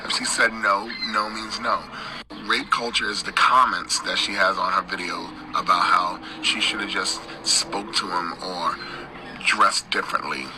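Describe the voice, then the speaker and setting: A man's voice: fairly low pitch, background noise. A man giving firm, emphatic commentary in a played-back social media video clip.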